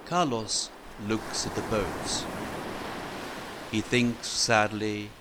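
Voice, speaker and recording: Very slow male storybook reader. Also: fairly low pitch, steady tone, very noisy. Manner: slow, clear, simple phrasing. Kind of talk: storybook narration for English learners.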